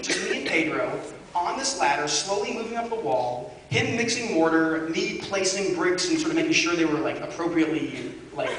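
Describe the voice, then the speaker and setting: A man telling a comic story to a live audience, rambling and animated, saying "like" often. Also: on the high side, a little hiss or hum. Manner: animated, rambling, heavy use of "like". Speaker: guest speaker. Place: large university event hall. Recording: echoey hall, distant mic, loud audience.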